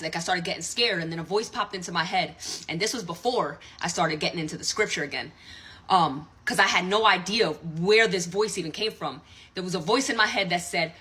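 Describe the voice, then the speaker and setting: A woman's voice: fairly low pitch, a little fast, sharp tone. A woman telling an earnest, rambling story-time tale in casual chat, swearing freely. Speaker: social media storyteller.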